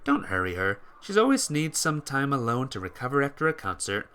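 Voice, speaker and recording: A calm young bandmate, voiced by a man reading a game story, sitting a little below the reader's own voice. His delivery is steady and bright. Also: medium pitch, brisk, clear, resonant tone.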